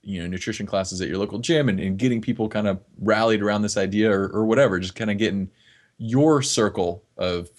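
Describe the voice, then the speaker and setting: A fitness trainer from northeast Florida speaks as a guest in a casual podcast conversation. His voice is fairly low, a little fast and a little mellow, and he talks earnestly, often restarting his words.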